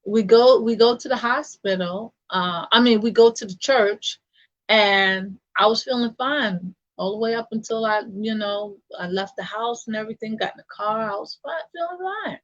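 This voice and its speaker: A woman who serves as a church deacon tells a personal story, pausing often and circling back with fillers and restarts. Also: mid-range voice, lo-fi sound. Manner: halting, with many fillers and restarts.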